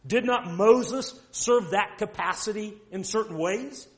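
The preacher's voice sits high as he gives a direct, emphatic sermon. He throws rhetorical questions at the listeners and reads scripture aloud unhurriedly.

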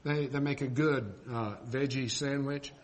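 An older man preaching a folksy sermon, joking and swinging between loud and soft. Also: mid-range voice, fairly even intonation, measured pace.

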